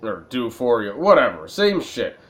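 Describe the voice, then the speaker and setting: A gaming video creator gives let's-play commentary, chatting casually as he plays while a little tipsy, rambling, mocking himself, and laughing at his own jokes. His voice is medium in pitch, very animated, and fairly bright, at a moderate pace.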